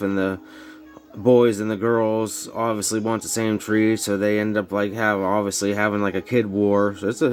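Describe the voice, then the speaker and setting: Man, deep monotone, laid-back collector vlog, slight slur, lots of ums. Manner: rambling, filler-heavy, informal grammar. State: snuff in mouth slurring words. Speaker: VHS collector vlogger. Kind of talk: casual show-and-tell. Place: home bedroom.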